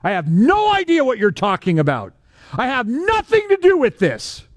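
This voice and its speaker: A man's voice: very high-pitched, wildly swooping pitch, moderate pace, dry recording, studio quality, voice pushed up, heavily acted. A man voicing a frightened fisherman swearing he does not know someone. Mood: desperate. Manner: rising, pleading denials. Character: panicked fisherman, man, desperately denying.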